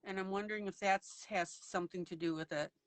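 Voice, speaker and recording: A woman's voice: medium pitch, steady tone, fairly quick, no room sound. A woman hosting a live coloring broadcast, narrating each step of her coloring as she goes.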